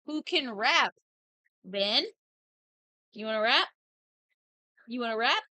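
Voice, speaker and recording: A woman's voice: on the high side, expressive, slow, pushed and bright, no room sound. Playful woman chatting on a livestream. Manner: chatty, playful, reads chat aloud. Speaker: livestream host. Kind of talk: casual livestream chat while drawing.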